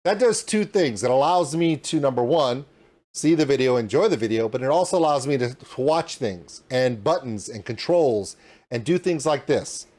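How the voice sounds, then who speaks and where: Host type: man at his home streaming desk, animated and demonstrative, pitch jumping all over. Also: moderate pace. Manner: animated and demonstrative, pointing things out. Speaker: reaction channel host. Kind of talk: casual tutorial walkthrough.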